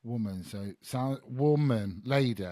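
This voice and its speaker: A man's voice: mid-range voice, expressive, takes it slowly, mellow, no room sound, clean studio sound. A man hosting a podcast, guessing words in a party game, laughing and thinking aloud. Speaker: podcast host. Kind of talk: playing a guessing game with guests.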